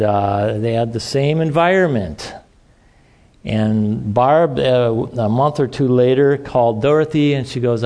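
A middle-aged man preaching an informal sermon, rambling and halting with many fillers and restarts. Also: mid-range voice, darkish tone.

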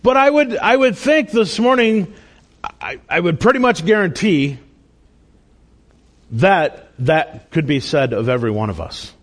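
A man's voice: high-pitched, big pitch swings, unhurried. A man delivering a sermon as a pastor in a church, earnest and emphatic, with asides and bits of self-deprecating humor.

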